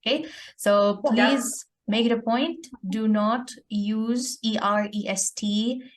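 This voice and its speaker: Woman, English teacher, slow deliberate pace, patient, explains step by step, checks in often. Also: fairly high pitch. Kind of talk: online grammar lesson.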